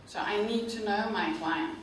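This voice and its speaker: Guest-lecturing students in a university classroom, a tour operator director talks slowly and clearly, frequently asking "okay?". She has a medium-pitched voice, captured on a distant mic in an echoey room with faint noise.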